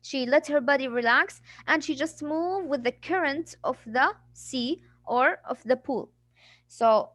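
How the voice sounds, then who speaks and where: High-voiced woman teaching English vocabulary. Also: dry recording. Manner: patient explaining, acts out examples. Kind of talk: classroom vocabulary lesson.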